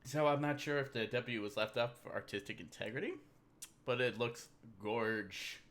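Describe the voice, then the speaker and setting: A man's voice: mid-range voice, normal speed, fairly bright tone. A man hosting a casual livestream, rambling and joking about memes while drinking beer. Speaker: livestream host. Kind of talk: casual livestream meme commentary.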